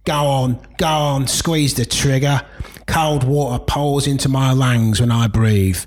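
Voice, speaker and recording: A man's voice: mid-range voice, fairly even intonation, unhurried, lightly acted. A man reading a novel aloud in a Cockney accent as a tense, obsessive gambler. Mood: intense.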